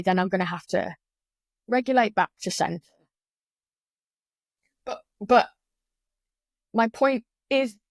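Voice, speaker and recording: A woman of middle pitch, speaking as a yoga teacher who is a guest on a conversational podcast. She talks in a candid, animated way and swears now and then. The sound is dry and close, with almost no room echo.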